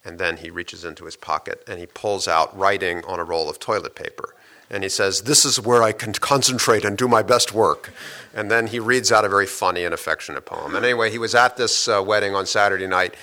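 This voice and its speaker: Brief: low, bright-edged male guest voice; measured, hesitant storyteller in a long interview. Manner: measured storytelling with frequent "uh" and restarts. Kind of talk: long explanatory interview answers.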